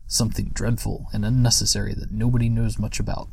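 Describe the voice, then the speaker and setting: A man's voice: fairly low pitch, little pitch movement, fast, gravelly, a little mellow, breathy edge. Man voicing an earnest young troll boy.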